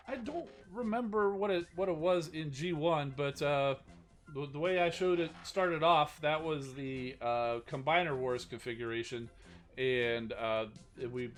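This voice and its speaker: A man's voice: mid-range voice, a little slow, soft background music. A man hosting a live stream, chatting casually about toy news and reading out chat questions, rambling with many restarts. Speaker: stream host.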